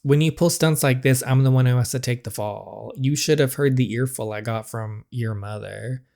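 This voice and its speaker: A game reader voicing a curt, defensive husband figure from a story game, in a low-key everyday voice. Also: normal speed, gravelly, mellow, close to an everyday voice. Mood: irritated. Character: dismissive possessive male husband.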